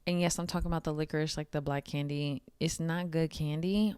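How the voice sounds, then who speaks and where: A woman's voice: low voice, fairly even intonation, fairly quick, darkish tone, clear, resonant tone, no echo. A woman talking candidly to camera in a casual vlog, swearing now and then and laughing often. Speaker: vlogger.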